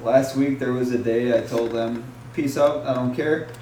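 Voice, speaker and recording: A woman with a strikingly deep, low voice co-hosts a casual chat podcast and chimes in with dry wisecracks. Her voice rings in an echoey room with a faint hum behind it. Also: steady tone, normal speed, warm tone. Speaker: podcast co-host.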